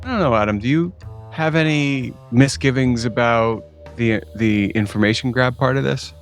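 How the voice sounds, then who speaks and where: A man co-hosting a podcast in casual banter, jokey and animated, often laughing. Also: mid-range voice, moderate pace, faint music behind. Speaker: podcast co-host.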